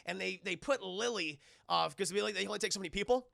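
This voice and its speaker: Gravelly high-voiced man recapping a movie. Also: quick pace, dry recording, studio quality. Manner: profane, animated, acts out characters' lines. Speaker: streamer and film reviewer. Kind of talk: casual livestream movie recap to chat.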